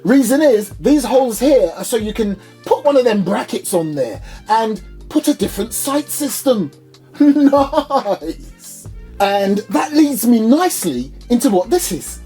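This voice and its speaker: Man doing a high chirpy reviewer voice, animated, playful, upbeat, small home studio. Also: unhurried, soft background music, full character voice. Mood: enthusiastic. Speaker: product reviewer host. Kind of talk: product unboxing review.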